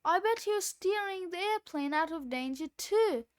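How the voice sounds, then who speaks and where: A woman reading aloud, voicing an excitable young boy who shrieks in panic. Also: very high voice, measured pace, pitched above the performer's own voice. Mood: puzzled. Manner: shrieking, frantic.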